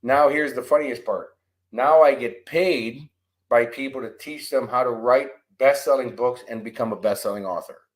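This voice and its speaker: A man on a podcast as a guest coach and author, telling lively stories and acting out the exchanges he quotes. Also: mid-range voice, normal speed, poor audio. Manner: animated storyteller, acts out quoted exchanges. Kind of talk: storytelling podcast interview. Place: abroad in Australia, remote interview.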